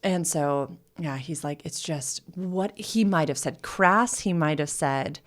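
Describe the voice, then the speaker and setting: A woman's voice: sits low, slow. A woman hosting a casual podcast as a sexuality educator, telling a funny story with lots of laughter. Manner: storytelling, laughing often, animated.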